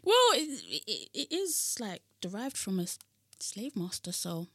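A young woman from London co-hosting a casual podcast, playful and animated. Her bright voice swings widely in pitch. The sound is dry and close. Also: dry recording. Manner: animated, playful, quick to laugh. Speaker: podcast co-host. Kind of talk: casual chat.

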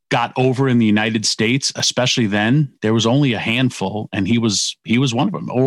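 A man's voice: lowish voice, fairly bright tone, no room sound. Rambling man on dry-sounding radio. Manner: rambling, self-correcting, casual. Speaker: radio co-host, former wrestler. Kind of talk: sports talk radio.

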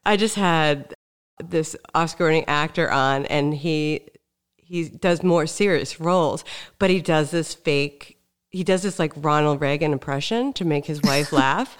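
A woman hosts a podcast and chats with her guest in an upbeat, playful way. Her voice sits a little low for a woman. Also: unhurried, smooth. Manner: upbeat, playful, laughs easily. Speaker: podcast host. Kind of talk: casual podcast interview.

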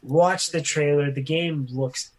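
A man co-hosting a casual podcast chat. His voice sits a little high for a man. He talks loosely and jokes a lot. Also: steady tone, takes it slowly. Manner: jokey, riffs into goofy voices. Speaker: podcast co-host.

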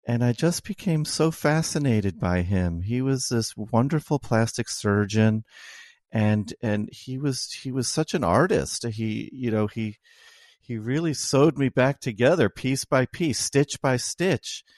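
A middle-aged man, an oncologist, telling a personal story as an interview guest, slow and halting with many restarts. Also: mid-range voice, expressive, darkish tone, dry recording, studio quality. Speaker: oncologist and author.

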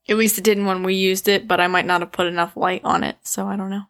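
A woman's voice: mid-range voice, level tone, quick pace. Chatty woman podcast host. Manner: chatty, laughs often, reads out shout-outs. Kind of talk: casual podcast chat.

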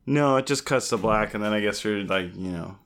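A man cohosting a podcast, retelling an episode casually and acting out quotes in an animated way. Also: on the low side, a little fast. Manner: animated storytelling, acts out quotes.

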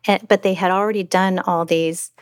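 A middle-aged woman recounts a family story in an interview, her voice sitting on the lower side. She speaks haltingly, restarting phrases and filling gaps. The sound is dry and close. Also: steady tone, no room sound. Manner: halting, many restarts and fillers. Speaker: mother telling her story. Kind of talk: personal interview account.

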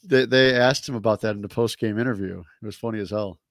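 A man's voice: on the low side, fast talker, dry recording, studio quality. A man co-hosting a casual sports chat, easygoing and hesitant, often repeating his first words. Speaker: podcast co-host.

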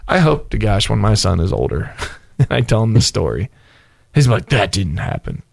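A man in his thirties hosting a casual chat, telling animated stories and laughing often. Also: fairly low pitch, moderate pace, vocal fry, no echo, clean studio sound. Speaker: podcast host.

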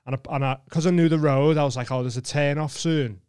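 This is a podcast co-host from England with a fairly high, smooth voice and a fast pace. He spins an animated anecdote in casual conversation, full of swearing and laughs. The recording is studio quality with no echo.

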